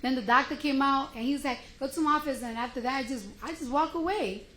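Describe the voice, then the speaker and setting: Animated woman testifying in a roomy courtroom. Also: high-pitched, fast. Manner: animated storytelling with slangy quoted dialogue. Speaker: trial witness. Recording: roomy courtroom audio with faint noise.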